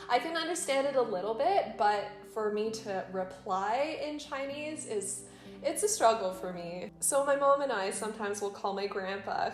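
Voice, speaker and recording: Chatty young woman in an echoey room. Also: fairly high pitch. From United States. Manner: candid, chatty, laughs often. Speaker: vlogger. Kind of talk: casual vlog chat while cooking.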